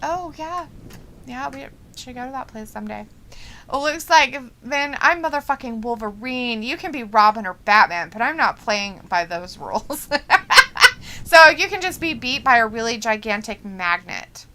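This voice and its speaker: Bright-voiced giggly woman reading chat. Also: a little high, lively intonation. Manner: giggly, reads chat messages in quick bursts. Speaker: co-host of a live watch-along show. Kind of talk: casual chat, reading out viewer comments.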